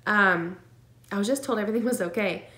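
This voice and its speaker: A woman's voice: mid-range voice, a little fast, bright, forceful tone. Woman telling an emotional story, echoey room. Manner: emotional, earnest, many fillers and nervous laughs. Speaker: vlogger sharing her twin pregnancy. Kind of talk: casual personal storytelling.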